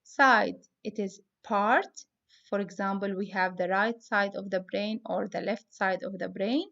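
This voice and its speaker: Female teacher, phonics lesson for kids; slow and deliberate, spells out letters; slightly muffled lo-fi sound. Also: mid-range voice, steady tone, creaky, a bit bright. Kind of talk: phonics lesson for young students.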